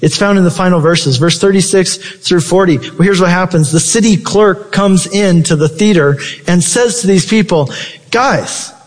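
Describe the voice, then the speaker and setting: A man's voice: normal speed, few pauses, long reverb tail. A man preaching a sermon with passion, his voice leaping up for emphasis. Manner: impassioned preaching with sudden high-pitched emphasis. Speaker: pastor.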